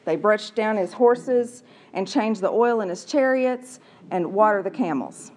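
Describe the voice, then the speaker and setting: A woman's voice: medium pitch, expressive, a little slow, darkish tone. A woman preacher telling a story in a sermon, with a conversational manner and playful asides.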